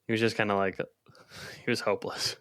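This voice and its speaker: A man's voice: fairly low pitch, little pitch movement, brisk, fairly bright tone, dry recording, clean studio sound. A man co-hosting a casual podcast, a chef telling rambling stories and laughing often.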